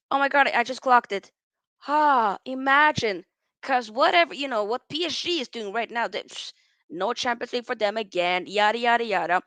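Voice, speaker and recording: A woman hosting a casual football livestream, rambling and animated as she reads out chat and answers viewers. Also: fairly high pitch, fairly quick, no echo. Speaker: football channel host.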